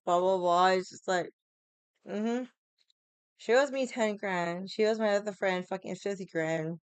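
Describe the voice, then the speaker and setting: A woman vlogger telling stories in a casual, animated way, swearing often and acting out other people's lines. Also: mid-range voice, clean tone, no echo. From Hawaii. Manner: animated, profane, laughs often, acts out quotes. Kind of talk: casual storytelling chat.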